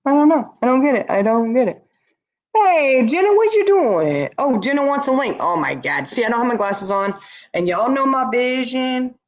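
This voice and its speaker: A woman's voice: a little high, expressive, fairly quick, highs cut off. A tired woman hosting a casual livestream, talking bluntly and answering her chat as she goes. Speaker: livestream host. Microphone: laptop or webcam.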